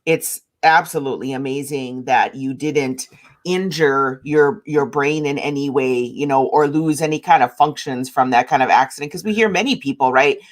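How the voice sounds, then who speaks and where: Woman, deep voice, interviewer, reactive, exclaiming. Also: normal speed. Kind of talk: casual interview chat.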